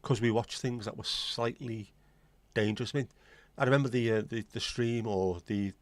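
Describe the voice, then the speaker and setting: A man's voice: medium pitch, steady tone, normal speed, no echo. A man in his forties from England, chatting casually as a livestream host, opinionated and blunt, rambling from one aside to the next. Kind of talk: casual chat.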